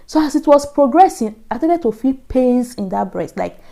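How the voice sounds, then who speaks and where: Nigerian woman telling her story, mellow voice. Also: high-pitched, lively intonation, moderate pace, vocal fry. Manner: earnest storytelling, acts out her own past thoughts in soft asides. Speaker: vlogger. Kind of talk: casual storytelling to camera.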